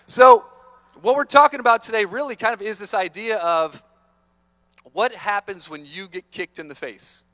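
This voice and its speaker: A man giving an energetic, playful motivational talk to students, teasing the audience, on a stage microphone in a large conference hall. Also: sits high, moderate pace. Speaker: motivational speaker.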